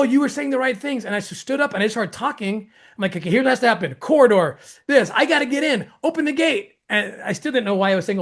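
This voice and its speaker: Animated man telling a story. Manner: excitable, acts out quoted dialogue with jumps in pitch; frequent restarts and laughter. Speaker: host.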